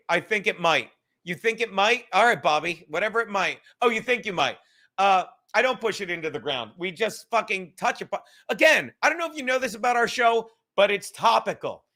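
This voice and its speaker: A man's voice: high voice, lively intonation, brisk, pushed and bright. A man hosting a podcast, ranting casually with heavy swearing and sarcastic asides. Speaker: podcast host. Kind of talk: casual rant.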